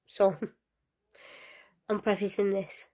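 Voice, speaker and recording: A young woman telling a personal story in a casual, lively way, often breaking into laughter. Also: mid-range voice, drawn-out words.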